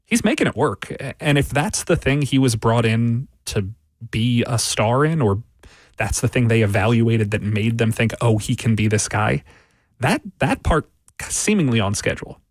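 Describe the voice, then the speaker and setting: A man's voice: mid-range voice, lively intonation, normal speed, no room sound. Male sports writer guest, mid-range voice, dry close studio sound, argues in building, repeated points. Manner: analytical, builds arguments with repeated phrases. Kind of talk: sports radio discussion.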